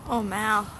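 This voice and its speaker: A woman's voice: mid-range voice, background noise. A woman filming her dogs outdoors, chatting casually with fond exclamations and frequent laughter. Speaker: dog owner filming her huskies. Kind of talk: casual commentary while filming. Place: outdoors in a snowy yard.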